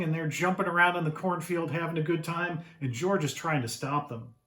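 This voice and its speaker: Reading aloud from a picture book he wrote himself, a man performs it with animation for an audience of children and stops now and then to ask them questions. His voice is slightly high for a man, and the recording carries a roomy echo.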